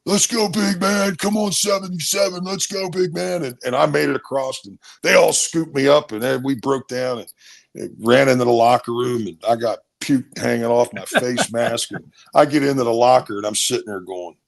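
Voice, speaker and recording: A middle-aged former college football player from Maryland, USA, tells stories casually and animatedly, acting out other people's voices. His voice is medium in pitch and creaky, moving at a moderate pace.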